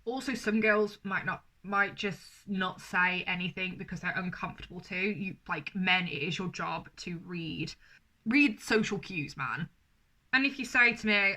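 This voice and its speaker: A woman's voice: mid-range voice, expressive, moderate pace, sharp tone. A young British woman talking bluntly and emphatically to camera in an opinion vlog, swearing freely. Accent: British English. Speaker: vlogger.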